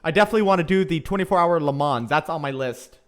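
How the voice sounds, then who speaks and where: Casting note: chatty young man, fairly high voice, casual live race commentary as a fan. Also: fast. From Southern California. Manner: chatty fan, reads out viewer comments, many fillers.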